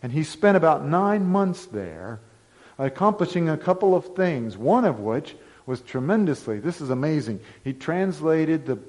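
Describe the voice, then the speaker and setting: A male pastor preaching a sermon, telling history as a lively story with emphatic rises. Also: on the high side, rough recording. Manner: storytelling, animated, rising to emphatic declarations.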